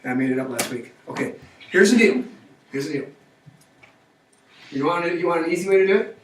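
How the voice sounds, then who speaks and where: A fairly quick, animated man with a fairly high pitch and fairly bright tone teaches math, coaxing students on with repeated check-in questions. It's a classroom lecture recorded far from the mic in an echoey space, with slight background noise.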